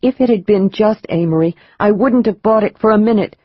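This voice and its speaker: Man playing a raging mother, high strained yells; audiobook. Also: fairly quick, no room sound, muffled recording. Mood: furious. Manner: shouting, raging, accusing. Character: furious wealthy middle-aged mother.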